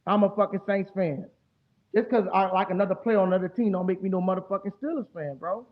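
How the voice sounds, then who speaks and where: A high-voiced man with a New Orleans accent hosts a casual live stream. He rambles in a profane and heated way. His voice comes through thin and tinny, like a phone line. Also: steady tone, quick pace. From New Orleans, Louisiana. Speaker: streamer host.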